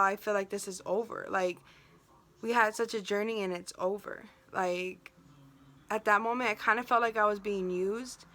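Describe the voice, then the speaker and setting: A woman's voice: mid-range voice, pushed and bright. A young woman telling a personal story on her vlog, emotional and venting, filled with "like" and quoted dialogue.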